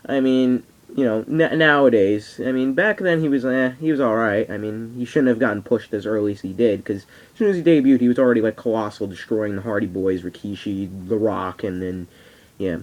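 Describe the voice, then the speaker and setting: Excitable teenage boy rambling with dull lo-fi sound. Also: lowish voice, a little fast. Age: teens. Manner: rambling, excitable, swears freely. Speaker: vlogger. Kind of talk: casual wrestling reaction vlog. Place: at home on camera.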